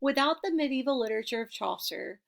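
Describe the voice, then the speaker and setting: A young woman giving a class presentation, reading her points in an earnest, measured way. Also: high voice, expressive, gravelly. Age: young adult. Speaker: student presenter. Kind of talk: class presentation, read from notes.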